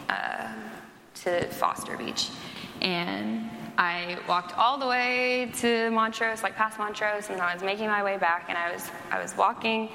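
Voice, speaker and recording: A woman's voice: mid-range voice, gravelly, pushed and bright, slight background noise. A young woman who works at a church, preaching a sermon and telling a personal story in a chatty, casual way, full of "like". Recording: echoey hall.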